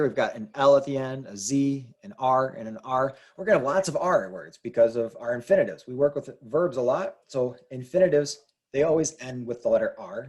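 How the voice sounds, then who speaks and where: A man's voice: medium pitch, darkish tone. A man teaching a grammar lesson, explaining rules patiently and repeating them, with plenty of ums. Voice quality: husky. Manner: patient, repetitive, filler-heavy explaining. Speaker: Spanish teacher. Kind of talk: classroom explanation.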